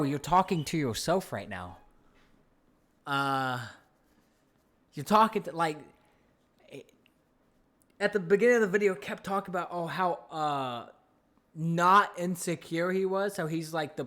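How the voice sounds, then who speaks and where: Man, reaction commentator, sarcastic, incredulous, mocking, somewhat high voice. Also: fairly bright tone.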